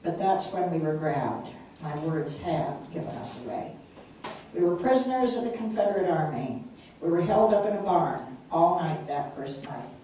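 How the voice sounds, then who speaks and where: A woman author reading her picture book aloud in a measured, heartfelt way, in an echoey room from a distant mic. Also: fairly low pitch, expressive, mellow, slight background noise.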